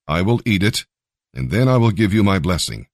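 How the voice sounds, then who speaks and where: A man reading the part of an elderly father and patriarch in a grave, measured way. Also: low voice, big pitch swings, no room sound, clean studio sound. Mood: solemn.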